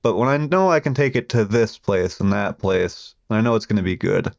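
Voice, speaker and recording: A man co-hosting a podcast, talking in a relaxed, rambling way about what he wants in a dog. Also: on the low side, brisk, vocal fry, no echo, dull audio. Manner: relaxed, rambling, self-correcting. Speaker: podcast co-host. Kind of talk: casual chat.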